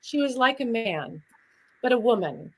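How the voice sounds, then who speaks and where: A middle-aged woman, a guest performer, telling stories in an animated, chatty interview. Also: fairly high pitch, measured pace, low-quality recording. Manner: animated, chatty, drifts into demonstrations. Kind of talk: lively interview storytelling.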